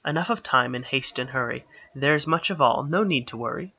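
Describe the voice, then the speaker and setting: Brief: sing-song rhyming goat-man trickster, gravelly and bright, as a man puts him on, storybook reading, dull lo-fi sound. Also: medium pitch, animated, moderate pace, full character voice. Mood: playful.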